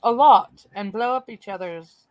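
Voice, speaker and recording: A woman in casual podcast chat who is quick to correct the others and speaks emphatically. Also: medium pitch, low-quality recording. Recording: crowd noise behind.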